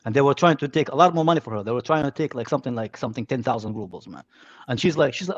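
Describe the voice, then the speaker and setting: A man's voice: fairly high pitch, expressive, lo-fi sound. A man from Israel hosting a casual livestream chat, swearing and calling everyone bro. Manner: fast, swearing, says bro a lot. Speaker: streamer host.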